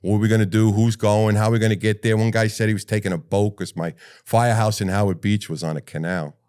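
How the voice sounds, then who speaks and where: Older new york guy, low smooth voice, blunt and cussing as he tells his firefighter story. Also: fast. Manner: blunt, profane, lively retelling. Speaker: retired firefighter guest. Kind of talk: interview storytelling.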